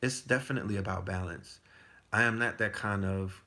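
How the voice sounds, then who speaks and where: A man's voice: lowish voice, brisk, pushed and bright. A man in his forties telling stories in a loose, profane casual chat, full of restarts. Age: 40s. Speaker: podcast guest. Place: Texas.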